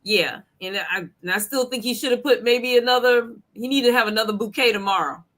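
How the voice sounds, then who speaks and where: A woman co-hosting a casual chat podcast over a video call, easygoing and quick to laugh. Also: on the high side, a bit bright. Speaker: podcast co-host.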